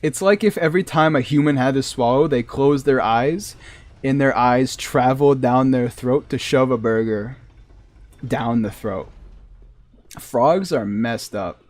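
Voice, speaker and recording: A man's voice: mid-range voice, unhurried. A man with a Massachusetts accent chatting casually while streaming a game, rambling and chuckling between asides. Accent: New England (Massachusetts). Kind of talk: casual chat while gaming.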